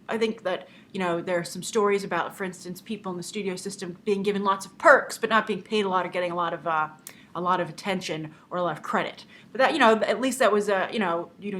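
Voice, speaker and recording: A woman hosting movie news, telling a story in a lively, chatty way and acting out the people she quotes. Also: mid-range voice. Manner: animated storyteller who acts out quotes. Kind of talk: casual news commentary.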